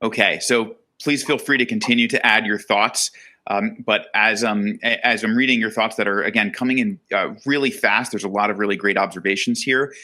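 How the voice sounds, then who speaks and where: A man hosting an educational webinar, talking in a relaxed way with lots of fillers. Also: on the low side, brisk. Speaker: webinar host.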